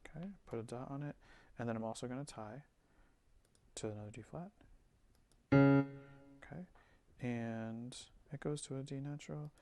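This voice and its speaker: A man giving a relaxed screen-recorded music software tutorial, thinking aloud with fillers as he works. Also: mid-range voice, fairly quick. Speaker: music teacher.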